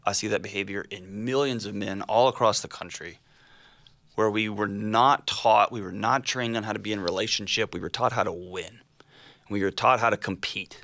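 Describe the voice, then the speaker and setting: A man's voice: mid-range voice, a bit bright, no echo, clean studio sound. Earnest man hosting an advice show. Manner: earnest, emphatic, acts out quoted lines. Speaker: show host giving relationship advice. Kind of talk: casual on-air advice and chat.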